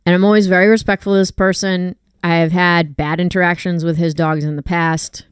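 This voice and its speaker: A woman hosting a relaxed podcast, explaining dog behavior with everyday examples. Her voice sits on the low side and sounds smooth, on a dry, close recording. She talks in a chatty way, with frequent "like" fillers. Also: a little fast, no room sound. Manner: conversational, explains with hypotheticals, many fillers like "like". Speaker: dog walker and trainer, podcast host. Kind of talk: casual chat.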